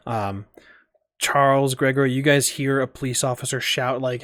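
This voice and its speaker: A man narrating as game master, relaxed and full of ums and restarts. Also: medium pitch, moderate pace, no room sound, clean studio sound. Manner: loose, filler-heavy narration with frequent ums.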